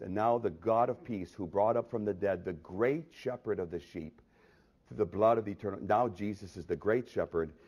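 A male pastor preaching a sermon, rising to loud reading of scripture and dropping to quiet prayer, pressing the congregation with repeated questions. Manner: swells loud on scripture then drops low and quiet. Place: church.

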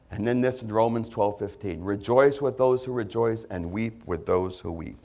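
Male pastor, conversational sermon with lively pitch, acts out quotes. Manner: lively, conversational preaching with sudden loud put-on voices.

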